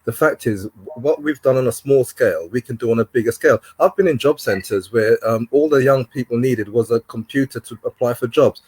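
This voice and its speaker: A man's voice: mid-range voice, a little fast, hardly any pauses, a little mellow, slightly rough, no room sound. A man answering interview questions in an earnest, explanatory way. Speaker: guest.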